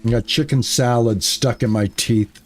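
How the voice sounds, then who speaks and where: A man's voice: medium pitch, steady tone, moderate pace, faint music behind. A man streaming a game, chatting with his viewers and easily exasperated as he plays. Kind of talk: casual gameplay commentary.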